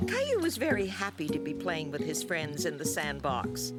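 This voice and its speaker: A woman giving clear scripted narration for a children's cartoon. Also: low-pitched, huge pitch swings, normal speed, loud music behind the voice.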